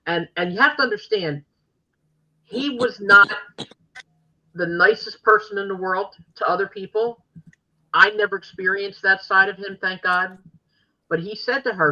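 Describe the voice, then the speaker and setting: Woman, podcast host, chatty storyteller, piercing bright tone, muffled lo-fi audio. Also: medium pitch, normal speed. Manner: chatty storytelling with many fillers and restarts. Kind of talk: casual interview chat.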